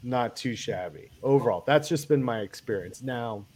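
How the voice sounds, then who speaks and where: A man's voice: mid-range voice, animated, moderate pace, darkish tone. Guy with a cold rambling on about his kayak cart, lots of ums. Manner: rambling, many fillers and restarts. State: has a cold. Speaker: kayak angler guest. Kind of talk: casual chat.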